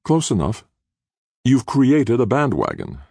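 A man reading an audiobook, voicing an imperious older woman politician with a flat, cold, calculating manner. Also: medium pitch, a little slow, gravelly, breathy edge, no echo, clean studio sound, pitched above the performer's own voice, exaggerated voice. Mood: icy. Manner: icy and flat, coolly calculating. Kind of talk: audiobook character voice.

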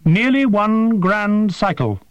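A man voicing a prim winged alien creature, high and formal. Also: lively intonation, slow pace, no room sound, lo-fi sound. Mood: formal, matter-of-fact. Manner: precise, formal, matter-of-fact. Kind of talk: audiobook character voice.

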